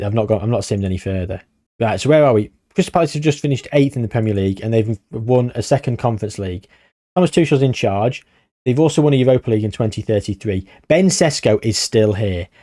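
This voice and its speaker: A man's voice: lowish voice, dark tone, no echo, studio quality. A man commentating on a football management game, grumbling and exasperated with sarcastic asides. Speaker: gaming YouTuber.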